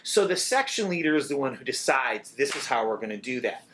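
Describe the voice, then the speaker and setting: A middle-aged drummer with a medium-pitched voice talks briskly in a casual interview. He's animated, swears freely, and sings out rhythms as he goes.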